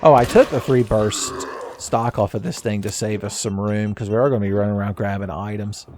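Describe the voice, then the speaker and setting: A man giving casual, joking commentary while playing a game, his voice a little raspy today and often breaking into laughs at his own asides. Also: fairly low pitch, fairly even intonation, brisk, noisy background. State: slightly raspy voice. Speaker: gaming commentator. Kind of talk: casual let's-play commentary.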